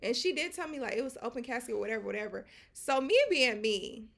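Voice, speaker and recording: A woman co-hosting a casual chat podcast, telling stories in an animated way with quoted dialogue, slang fillers and asides to listeners. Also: a little high, quick pace, vocal fry. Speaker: podcast co-host.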